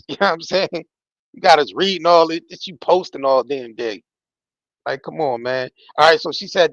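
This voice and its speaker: A man with a slightly high voice hosts a live stream in loose, slangy commentary. He talks emphatically and swears freely. The sound is dull and dry, with a lo-fi edge. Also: moderate pace, fairly bright tone, dry recording. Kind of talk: casual live-stream commentary reading social posts.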